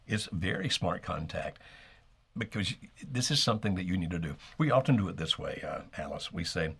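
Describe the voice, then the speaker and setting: A middle-aged man co-hosting an advice talk, speaking in a measured, steady way and modeling calm phrasing. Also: low-pitched, gravelly, husky. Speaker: co-host giving relationship advice.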